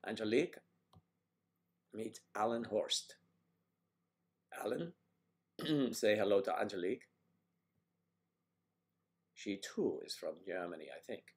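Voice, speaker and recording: A low-pitched older man chats casually on a live stream and answers viewers one by one. He clears his throat a lot and restarts his sentences. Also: darkish tone. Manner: chatty, halting, frequent throat-clearing.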